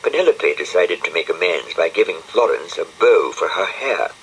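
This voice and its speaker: Lively low-voiced male storyteller. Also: moderate pace, a little hiss or hum, rough recording. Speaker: audiobook narrator. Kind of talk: scripted storybook narration.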